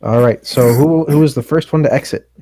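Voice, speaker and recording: A man at a middle pitch narrates as game master of a tabletop game. He describes each scene steadily and matter-of-factly. The sound is dry and close. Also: fairly quick, warm tone, no room sound.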